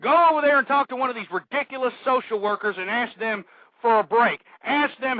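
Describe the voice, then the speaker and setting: On an old, lo-fi political talk radio broadcast, a male host delivers a heated, ranting monologue at a fairly quick clip. His voice is pitched very high for a man, and the dry, close sound is squeezed thin like a phone line.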